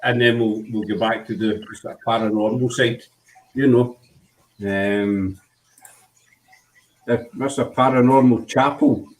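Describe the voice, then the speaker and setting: A man's voice: medium pitch, fairly even intonation, unhurried, pauses often, slight background noise, poor audio. A man hosting a loose live-stream chat. He talks in a laid-back, meandering way, full of ums and you-knows. His voice sits in a middle register. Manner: laid-back, rambling, frequent fillers. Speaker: host.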